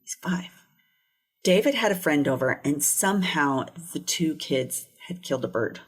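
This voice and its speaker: Lower-voiced woman on a true crime podcast, chatty, laughs a lot. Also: animated, moderate pace, breathy edge. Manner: casual, laughs often while telling the case. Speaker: podcast co-host.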